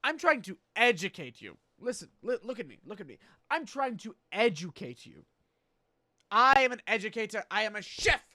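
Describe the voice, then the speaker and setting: A man's voice: high-pitched, big pitch swings, moderate pace, sharp tone, no echo, studio quality. A man streaming a game, playing a boastful chef persona with theatrical, pompous, profane rants.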